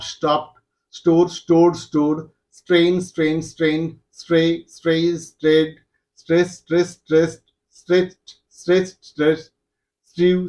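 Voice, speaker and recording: A man teaching English, slowly reciting verb forms one word at a time for beginners. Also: a little high. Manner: slow, deliberate recitation of single words.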